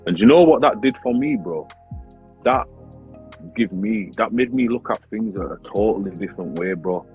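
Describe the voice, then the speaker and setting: A man, a grime artist and battle rapper telling a story in a casual interview, animated, swearing often and saying "bro" all the time. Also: fairly low pitch, normal speed. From Leeds, England. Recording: tinny phone-like sound with faint music.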